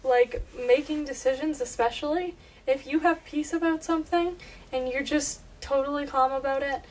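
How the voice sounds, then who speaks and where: A woman's voice: high-pitched, steady tone, moderate pace, a little mellow. A young woman co-hosting a casual faith podcast, chatting earnestly and reading scripture aloud. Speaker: podcast co-host. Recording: voice a bit distant from mic, faint background noise.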